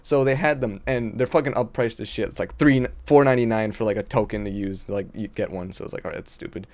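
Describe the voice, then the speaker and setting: Fast-talking young man telling a story. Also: lowish voice, a little mellow. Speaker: podcast co-host. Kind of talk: casual chat.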